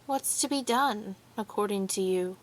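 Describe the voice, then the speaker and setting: A proud, ironic noblewoman with a bitter edge, voiced by a woman reading aloud. She speaks slowly and carefully, and every word carries a mocking bite. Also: mid-range voice. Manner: mocking, sharp irony.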